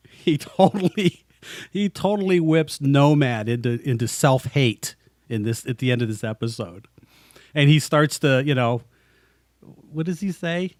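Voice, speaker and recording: In clean, echo-free studio quality, a medium-pitched man co-hosts a podcast, chatting casually and with enthusiasm while acting out quotes.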